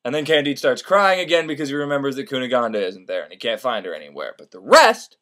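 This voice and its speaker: A man's voice: mid-range voice, fast, a bit bright. A man retelling a classic story in a casual, profane, rambling comedic style.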